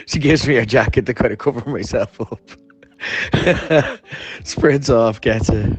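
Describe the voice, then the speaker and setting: A man's voice: medium pitch, takes it slowly, slightly rough. A hungover man telling a friend a story in a voice note, laughing often and swearing as he rambles. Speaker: podcast host.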